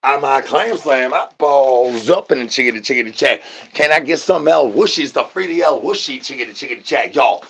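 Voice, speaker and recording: A man's voice: mid-range voice, lively intonation, brisk, gravelly, few pauses, a little hiss or hum. A man ranting an absurd comedy monologue full of rhyming nonsense slang and stuttered repeated words. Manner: shouts out catchphrases. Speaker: comedy channel host. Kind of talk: absurd improvised comedy rant.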